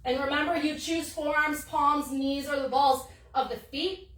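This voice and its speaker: A woman's voice: high voice, fairly even intonation, unhurried, fairly bright tone, roomy sound, recorded from a distance. A woman leading a workout as a fitness instructor, upbeat and encouraging as she counts through the exercise, a little out of breath. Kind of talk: live-streamed workout coaching.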